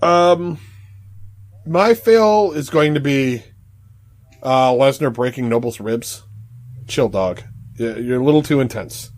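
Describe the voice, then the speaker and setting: A man co-hosting a wrestling podcast in casual chat, relaxed and filling his pauses with "uh" and "um". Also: medium pitch. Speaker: podcast co-host.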